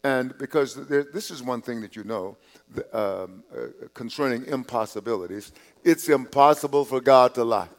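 A male pastor preaching a sermon in a conversational way, repeating and restarting words, dropping to quiet asides and rising on key points. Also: medium pitch, normal speed. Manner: drops to quiet asides, rises on emphasis.

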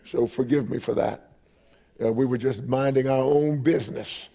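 A man's voice: medium pitch, steady tone, moderate pace, mellow. A man in his forties preaching a sermon while he has a cold, reading scripture aloud and repeating phrases for emphasis. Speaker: pastor.

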